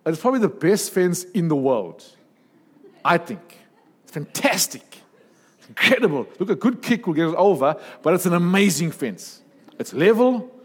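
A man preaching a sermon in a lively, humorous way, with asides and jokes. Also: high voice, normal speed, breathy edge, long reverb tail.

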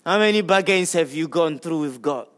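A man preaching a sermon in a conversational way, repeating words as he goes, swinging between emphatic highs and hushed, low lines. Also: expressive, moderate pace. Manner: repeats words while gathering thoughts.

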